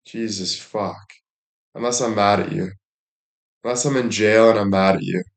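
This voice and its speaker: A man's voice: on the low side, steady tone, moderate pace, vocal fry. A young man chatting casually and crudely, rambling and laughing often. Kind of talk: casual chat.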